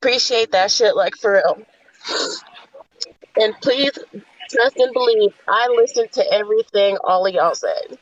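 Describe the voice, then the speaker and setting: A woman's voice: mid-range voice, unhurried, long pauses, dry recording. A woman hosting a livestream who talks bluntly and emotionally, with plenty of swearing. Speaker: livestream host. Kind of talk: emotional casual talk. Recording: dry, dull lo-fi audio.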